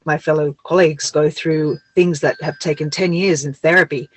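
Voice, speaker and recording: A woman's voice: low-pitched, fairly even intonation, normal speed, low-quality recording. A woman hosting a conversation, speaking effusively and emotionally, often repeating herself. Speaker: host. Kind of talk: casual conversation.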